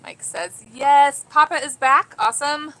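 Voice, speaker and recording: Woman streaming from home, reading chat, giddy and giggly, bright voice. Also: high voice, unhurried, rough recording. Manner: giddy, laughing, reads comments aloud. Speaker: vlogger reading live chat. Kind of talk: casual livestream chat.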